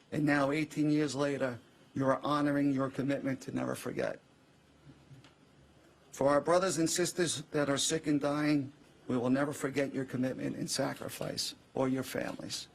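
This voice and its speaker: Gravelly first responder speaking earnestly. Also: male voice, medium pitch. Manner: earnest, emotional. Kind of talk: press conference speech.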